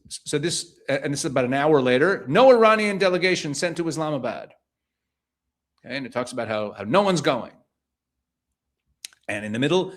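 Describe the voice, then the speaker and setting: A news commentator reads a string of headlines aloud, then bluntly puts each one in his own words, driving his points home with rhetorical questions. His voice is a little higher than most men's.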